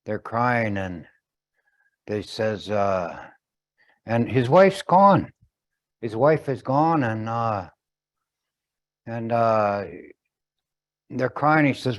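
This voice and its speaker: A man telling a traditional story slowly, pausing often and explaining as he goes. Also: mid-range voice, animated.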